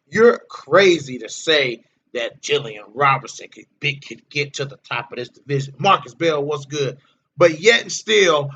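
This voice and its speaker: Male livestream host, higher bright voice, blunt and profane, fired-up rant. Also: highs cut off. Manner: blunt, profane, repeats himself. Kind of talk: casual livestream commentary.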